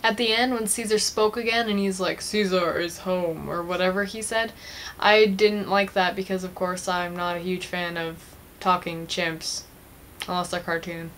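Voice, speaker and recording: A woman's voice: on the low side, flat delivery, normal speed, fairly bright tone, slight background noise. Giggly young woman gushing about a movie. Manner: chatty, gushing fan with frequent giggles. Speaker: vlogger. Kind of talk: casual movie review.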